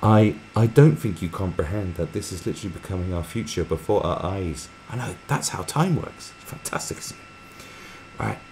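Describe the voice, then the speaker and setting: A man's voice: low voice, animated, a little fast, few pauses, a little mellow, a little hiss or hum. A man hosting a live stream, reading viewer comments aloud and mocking them in a crude, sarcastic way.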